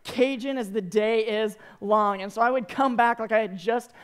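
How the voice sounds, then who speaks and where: Young guy from arkansas preaching to teens, high voice, cracks jokes, super animated. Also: moderate pace, clear, resonant tone. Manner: animated, joking storyteller. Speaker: youth speaker. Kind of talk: sermon to students.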